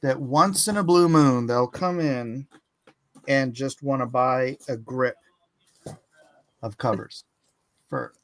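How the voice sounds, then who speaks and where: A man's voice: medium pitch, takes it slowly, long pauses, fairly bright tone. A man joking around and asking questions in a casual chat among friends. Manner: jokey, asks questions.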